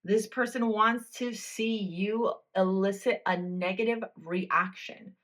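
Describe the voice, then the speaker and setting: Slow and fairly even, this woman's mid-range voice has a slight brightness. She's reading tarot for a pick-a-card video, addressing viewers head-on with emphatic bluntness and plenty of cursing.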